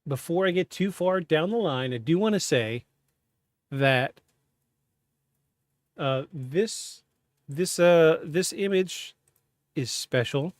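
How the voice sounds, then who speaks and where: A man hosting a podcast, telling a personal story in a halting, candid, self-interrupting way. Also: on the high side, expressive, no echo, studio quality. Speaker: podcast host. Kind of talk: casual storytelling.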